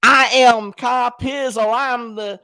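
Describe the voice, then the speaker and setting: A man putting on the voice of a boastful male sports YouTuber, bragging in drawn-out shouts. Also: extremely high pitch, steady tone, clean tone, dry recording, studio quality, heavily acted.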